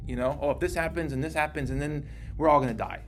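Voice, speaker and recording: A man teaching a casual Bible class, talking in a conversational, animated way and acting out the scripture he quotes. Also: a little high, quick pace, slight background noise.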